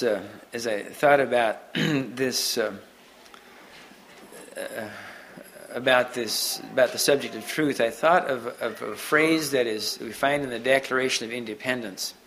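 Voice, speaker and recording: A man giving an unscripted sermon to a Mennonite congregation, halting often and restarting his sentences. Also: mid-range voice, fairly bright tone, a little hiss or hum, poor audio. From Mennonite community. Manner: halting, many restarts and repeated words. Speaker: preacher.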